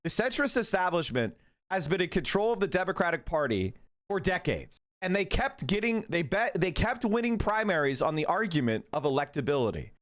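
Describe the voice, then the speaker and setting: High-voiced ranting male streamer. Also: very animated, fairly quick, fairly bright tone. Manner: profane, heated, mocking rants. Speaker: streamer host. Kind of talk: casual livestream commentary.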